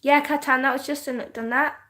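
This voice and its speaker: A young woman from northern England with a softened English accent, chatting casually on a livestream, giggly and full of "like" fillers. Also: high voice, fairly even intonation, fast. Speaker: livestream host. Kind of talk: casual livestream chat reading comments.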